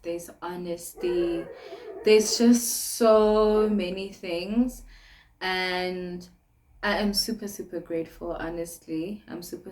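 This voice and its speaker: A woman's voice: fairly low pitch, darkish tone. A young woman with a South African accent chatting casually to camera in a sit-down vlog, laughing often between phrases. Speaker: vlogger.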